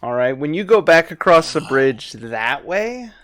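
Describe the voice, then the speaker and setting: Male game master, relaxed, chuckles a lot, slow delivery. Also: a little high, dry recording, studio quality. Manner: laid-back, laughs often, fillers while thinking. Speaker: dungeon master. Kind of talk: narrating a tabletop game.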